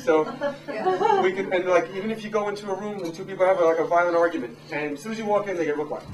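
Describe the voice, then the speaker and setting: A man in his thirties, a dog trainer, giving a casual, animated talk to a live audience. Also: high-pitched, fast, over a noisy crowd. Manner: animated, acts out quotes in raised voices. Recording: echoey room from far off, noisy.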